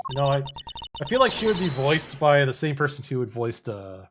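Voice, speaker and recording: A man's voice: medium pitch, big pitch swings, fairly quick, noisy background. A man streaming a game, chatting casually with many fillers and restarts. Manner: rambling, hesitant, many fillers. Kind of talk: casual live-stream chat. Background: game music.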